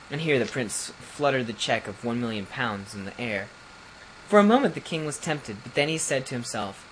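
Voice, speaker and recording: A man narrating a fairy tale as an audiobook reader, steady and even, with occasional slips and restarts. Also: mid-range voice, normal speed, a little hiss or hum, poor audio. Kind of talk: storybook narration.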